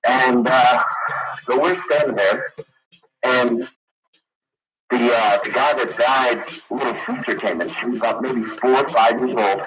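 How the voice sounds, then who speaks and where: A man's voice: mid-range voice, noisy background. Rambling man caller on late-night radio. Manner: rambling, many fillers and restarts. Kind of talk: telling a story on call-in radio. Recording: dull lo-fi radio broadcast with crowd.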